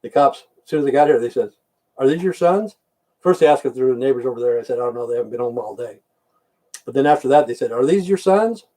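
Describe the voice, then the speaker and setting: A man's voice: medium pitch, fairly even intonation, rapid-fire, dark tone, far from the mic. An older man hosting a casual livestream, rambling in blunt, profane rants. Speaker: livestream host.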